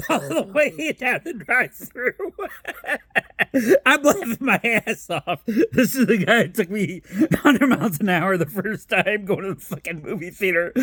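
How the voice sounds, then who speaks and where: A man's voice: sits high, big pitch swings, measured pace, fairly bright tone, slightly rough, dry recording, clean studio sound. A man from Toledo, Ohio telling rambling personal stories in a casual vlog, laughing often, swearing freely and doubling back on himself.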